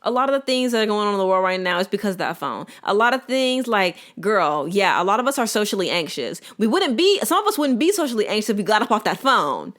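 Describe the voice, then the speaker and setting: Young woman, solo podcast host, casual rant, opinionated, animated, colloquial. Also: medium pitch, fast talker, hardly any pauses. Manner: animated, opinionated, colloquial, talks straight to listeners.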